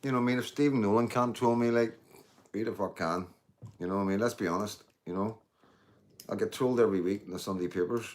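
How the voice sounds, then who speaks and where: Talking fast in a fairly low voice, this middle-aged man hosts a loose livestream chat. He rambles, curses freely and addresses his audience as guys and mate.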